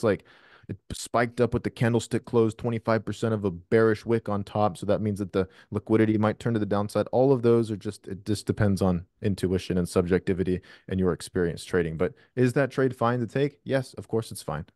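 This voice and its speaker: A man's voice: fairly low pitch, darkish tone, no room sound, clean studio sound. A man hosting a live trading question session over a video call, blunt and profane with emphatic explanations. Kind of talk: live Q&A coaching.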